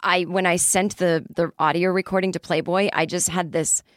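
A woman's voice: on the low side, level tone, moderate pace, no echo, studio quality. Chatty, rambling woman podcast host. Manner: chatty, rambling, self-deprecating. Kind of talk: casual comedic monologue.

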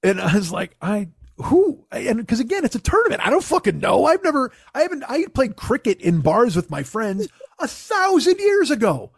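A man's voice: extremely high pitch, huge pitch swings, moderate pace, slightly rough, no room sound, clean studio sound. A man telling a casual, profane story in his own voice. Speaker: podcast host telling a story.

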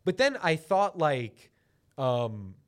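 Male podcast host, slightly high, animated delivery, self-mocking swagger, loud guitar bed. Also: slow pace, clean tone. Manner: rambling, joking, self-mocking bravado. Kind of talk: comedic casual chat. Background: guitar music.

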